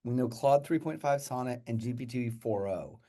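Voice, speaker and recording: A man's voice: mid-range voice, normal speed, warm tone. A man casually explaining a coding assistant demo in a friendly, explanatory way. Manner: friendly, explanatory, laughs easily. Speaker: developer co-hosting a coding demo. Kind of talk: casual tech demo chat.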